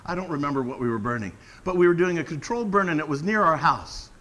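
A middle-aged man preaching a casual sermon, earnest and animated, slowing down to stress key words. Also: fairly high pitch, rough recording. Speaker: pastor.

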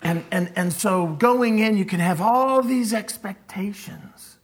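A middle-aged man preaching in a conversational, animated way, often restarting his phrases as he tells stories. His voice sits a touch higher than most men's. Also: takes it slowly. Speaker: pastor. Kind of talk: sermon.

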